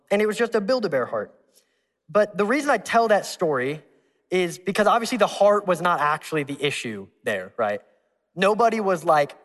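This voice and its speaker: A male pastor preaching a sermon, telling a personal story in a lively way, acting out voices and laughing along. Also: on the high side. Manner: animated, acts out voices, laughs at his own story. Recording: long reverb in a large hall.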